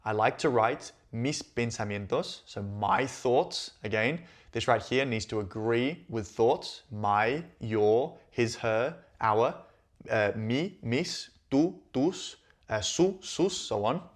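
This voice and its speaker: A man teaching Spanish, walking slowly through on-screen sentences and repeating each phrase before translating it. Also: mid-range voice. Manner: patient, repeats phrases, thinks aloud.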